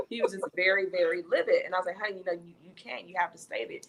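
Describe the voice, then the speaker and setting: A woman's voice: on the low side, quick pace, vocal fry, heavy background noise. A middle-aged woman in a casual interview, telling a story expressively and acting out what people said. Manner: expressive, acts out quotes. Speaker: guest, wife.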